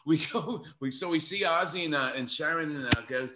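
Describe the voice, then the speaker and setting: Bright-voiced New man telling a wild story. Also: fairly high pitch, a little fast. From New York City. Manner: excited, profane, rambling anecdote. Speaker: guest musician. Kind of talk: casual storytelling on a podcast.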